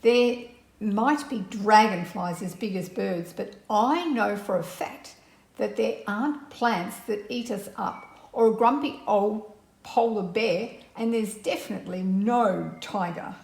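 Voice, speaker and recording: A woman voicing a feisty, doubting little girl in a storybook, exclaiming in a high, excitable way. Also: a little slow, creaky, echoey room. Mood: scoffing.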